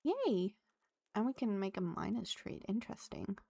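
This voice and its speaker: A woman's voice: mid-range voice, brisk, gravelly, darkish tone, breathy edge, dry recording. A woman streaming a farming game, chatting casually with her viewers and laughing often. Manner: chatty, giggly, talks to chat and the game. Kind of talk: casual live-stream chat while playing.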